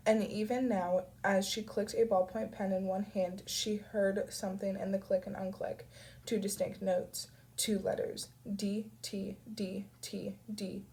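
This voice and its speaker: Woman with a cold reading a novel out loud, gravelly voice, steady and quiet. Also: medium pitch, rough recording. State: has a cold. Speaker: audiobook reader. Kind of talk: audiobook narration.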